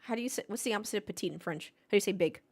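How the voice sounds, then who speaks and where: A woman's voice: mid-range voice, rapid-fire, husky. Playful woman chatting on a stream. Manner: playful, jokey, chatty with her live chat. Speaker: streamer hosting a race watchalong. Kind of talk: casual live-stream chat.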